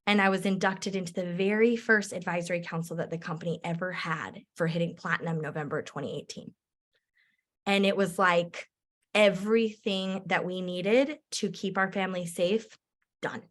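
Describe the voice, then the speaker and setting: A woman, a direct-sales entrepreneur, telling a personal story in a chatty, animated way with lots of filler words. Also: fairly low pitch, normal speed.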